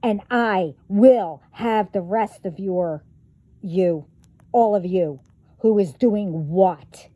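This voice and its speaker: A woman's voice: medium pitch, takes it slowly, dark tone, dry recording. A woman vlogger delivering a profane, confrontational rant straight to her viewers. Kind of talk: angry rant to camera.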